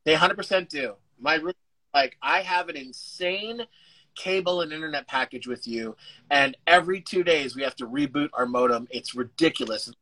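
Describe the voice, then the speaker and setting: Man, young adult, video call, animated, swears casually, slightly high voice. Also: moderate pace, rough recording. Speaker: guest.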